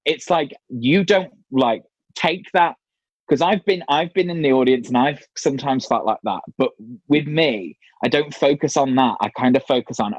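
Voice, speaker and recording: A man's voice: mid-range voice, moderate pace, no echo, highs cut off. Guy telling drag stage stories, chatty, laughs a lot, dry close mic. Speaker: drag performer guest. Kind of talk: casual panel chat.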